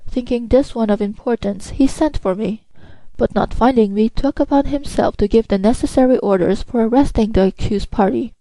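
A woman voicing a stern young male prosecutor who speaks in a measured, formal way, in a storybook reading. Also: fairly high pitch, warm tone, no echo, close to an everyday voice, low-quality recording.

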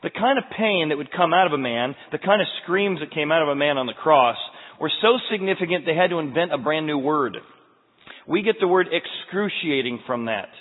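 Male preacher, slightly high and husky, swings from hushed to loud, lo-fi tinny sound in a big reverberant hall. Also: expressive, fairly quick. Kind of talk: sermon.

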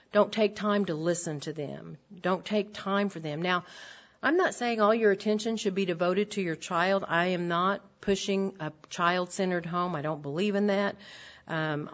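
Older lady teaching a women's bible class, earnest and direct, lots of ums, dull lo-fi sound. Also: on the low side. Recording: dull lo-fi recording.

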